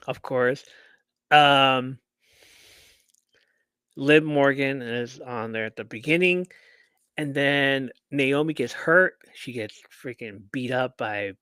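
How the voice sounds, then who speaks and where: A man hosting a podcast, recapping a wrestling match in casual chat. He tells it as a lively story, acting out what people said and swearing lightly. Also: mid-range voice, clean tone, dry recording, clean studio sound. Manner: animated storyteller who acts out quotes and swears casually. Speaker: podcast host.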